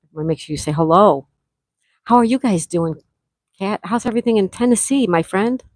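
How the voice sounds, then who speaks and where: A woman's voice: mid-range voice, expressive, a little fast, no echo, rough recording. A middle-aged woman from Florida hosting a casual livestream, chatting and reading viewers' comments aloud, greeting each by name. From Florida, USA. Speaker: livestream host.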